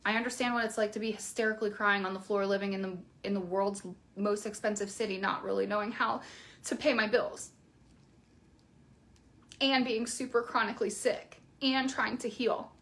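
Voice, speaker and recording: A woman's voice: mid-range voice, little pitch movement, moderate pace, a bit bright. A young woman coach talking frankly and casually to her viewers, with many fillers. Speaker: keto coach. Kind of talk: casual promotional video talk.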